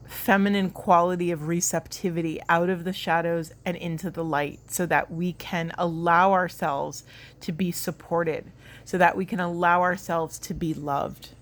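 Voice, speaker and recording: A woman giving a spiritual card reading to viewers, talking in an earnest, rambling and emotional way. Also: fairly low pitch. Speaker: tarot card reader.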